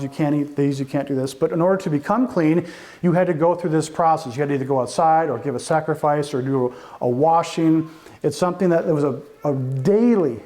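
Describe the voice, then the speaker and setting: Animated pastor with a raised voice. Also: male voice, a little high. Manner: conversational, animated preaching with asides. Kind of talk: sermon.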